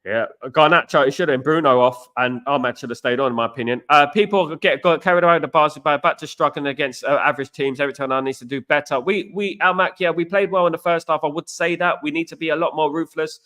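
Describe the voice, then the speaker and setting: Hosting a live fan stream, a man greets chat viewers by name and talks through a match loosely, often saying "you know what." His voice is fairly high and bright, with a forceful tone, and he speaks quickly with hardly any pauses.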